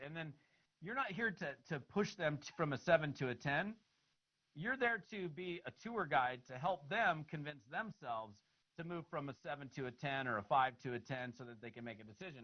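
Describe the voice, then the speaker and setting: A man giving an instructional talk on follow-up calls, acting out both sides of the conversations in an animated way. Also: fairly high pitch, highs cut off. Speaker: network marketing trainer.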